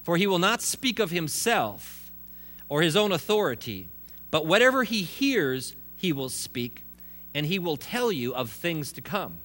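Bright-voiced man preaching conversationally. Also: on the high side, big pitch swings, unhurried. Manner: conversational preaching with asides and restarts. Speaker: pastor. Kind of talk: sermon.

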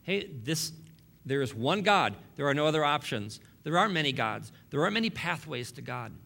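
A man's voice: a little high, sing-song, normal speed, gravelly, pushed and bright. A man preaching a sermon as pastor, emphatic and fond of repeating key lines, with wry asides to the congregation.

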